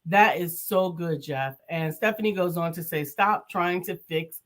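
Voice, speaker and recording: A woman's voice: on the low side, a little slow, a bit bright. A woman co-hosting a talk show, affirming the guest and reading out viewer comments. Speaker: co-host. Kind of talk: casual chat.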